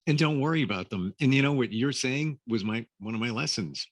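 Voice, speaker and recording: A man's voice: mid-range voice, lively intonation, brisk, no echo. A man hosting a radio talk show, upbeat and chatty as he takes calls and talks with his guest.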